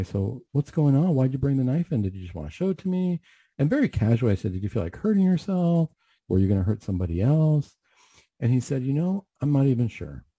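A man's voice: lowish voice, dark tone, dry recording. A man telling a story from his work in mental health, earnest and reflective, acting out his own questions. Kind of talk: storytelling monologue, faith-based talk show.

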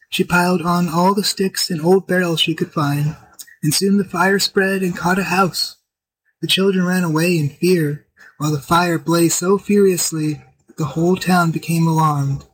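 A man narrating a folk tale in a steady, expressive reading. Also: on the high side, poor audio. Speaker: storyteller. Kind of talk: scripted storybook narration.

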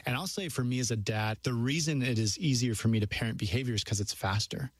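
An earnest man talks about faith and fatherhood in a warm, preacherly manner, sometimes speeding up in quick bursts. His voice sits at a middle pitch. The sound is dry and close, with no room around it. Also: husky, dry recording. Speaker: guest speaker on fatherhood. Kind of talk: earnest faith-based conversation.

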